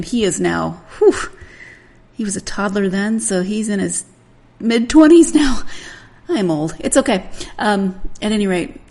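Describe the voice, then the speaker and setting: A woman in her forties hosts a book podcast solo, chatting casually and rambling, laughing often. Her voice is gravelly and fairly low in pitch.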